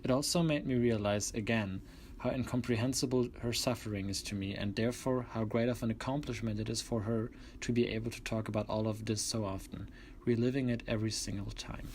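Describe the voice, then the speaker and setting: A man's voice: lowish voice, steady tone, brisk, a little mellow. Young man, sincere voice-over, faint background noise. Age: young adult. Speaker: museum intern. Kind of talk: scripted narration.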